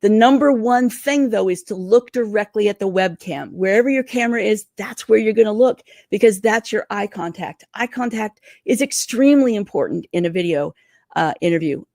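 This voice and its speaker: A woman career coach giving interview tips in a livestream, talking fast and excitedly. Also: medium pitch, no echo, studio quality. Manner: energetic, talks fast and excitedly.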